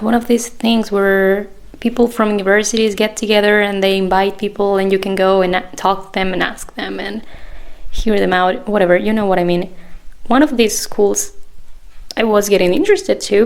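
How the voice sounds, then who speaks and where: A woman's voice: mid-range voice, creaky. A young woman hosting a casual solo podcast, chatty and self-deprecating, laughing often. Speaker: podcast host.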